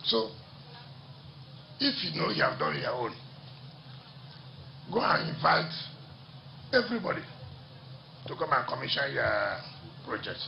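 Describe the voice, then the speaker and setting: Guy at a party rally, high gravelly voice, defiant, keeps repeating himself, echoey muffled pa sound. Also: big pitch swings, unhurried, long pauses. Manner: defiant, repeats lines for emphasis. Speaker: politician addressing a party rally. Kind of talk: political rally speech. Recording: dull echoey public-address sound, faint noise.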